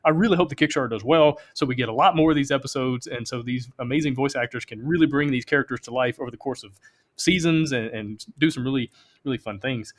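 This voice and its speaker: A man's voice: mid-range voice, fast talker. An American man hosting a podcast interview, chatting enthusiastically with a rambling, easygoing manner. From United States. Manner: enthusiastic, rambling, lots of fillers and restarts. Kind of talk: casual interview chat.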